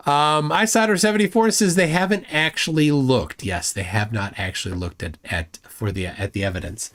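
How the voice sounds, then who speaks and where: A man's voice: fairly high pitch, normal speed, a bit bright. A man hosting a live reaction stream, reading chat comments aloud and mocking the clip with sarcastic asides. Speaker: livestream host reacting to a video.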